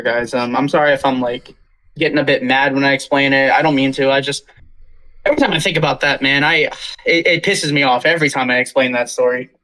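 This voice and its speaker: A young man hosts a casual podcast with a fairly high voice. He rants heatedly and swears freely about school. Then he apologizes sheepishly to the others. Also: a bit bright, low-quality recording. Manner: ranting, swears a lot, apologizes after. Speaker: podcast host.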